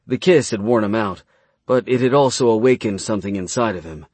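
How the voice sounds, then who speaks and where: Husky low-voiced male audiobook narrator. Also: a little mellow. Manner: measured, dramatic reading.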